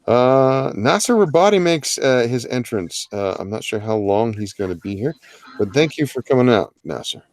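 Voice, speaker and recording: Animated and mid-range, this man's voice moves at a moderate pace with no room sound. Hosting a live drawing-challenge stream, he gives casual, rambling commentary with lots of filler and jokes on the side.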